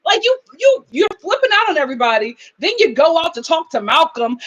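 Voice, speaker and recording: A woman hosting a live reality TV aftershow, talking in animated commentary and mimicking people in whiny voices. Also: very high voice, fast talker, few pauses, highs cut off.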